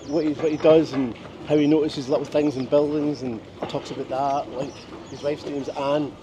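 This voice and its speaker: A man's voice: on the high side, fairly even intonation, moderate pace, background noise. A man co-hosting a casual walking vlog outdoors, chatting easily and telling short anecdotes. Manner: easygoing, tells short anecdotes. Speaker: co-host. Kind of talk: casual chat. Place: outdoors on a town street.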